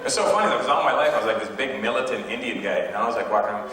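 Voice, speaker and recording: Echoey stand-up comedian from Canada. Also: male voice, fairly low pitch, very fast, few pauses. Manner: brash, self-mocking, slips into impressions. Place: stage in a hot hall. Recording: echoey hall from far off, noisy old tape.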